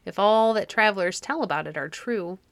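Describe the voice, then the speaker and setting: A woman's voice: mid-range voice, normal speed, vocal fry, no echo, close to an everyday voice. A woman reading as a stern, haughty king. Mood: curious. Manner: stern commanding voice. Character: haughty, cruel island king, grown man.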